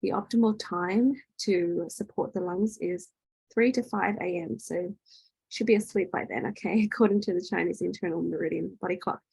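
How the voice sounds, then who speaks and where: A woman's voice: fairly low pitch, steady tone, moderate pace, vocal fry, a little mellow, breathy edge, dry recording, low-quality recording. A woman hosting an online wellness workshop, talking in a chatty way with many fillers and restarts. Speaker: workshop host and energy healer.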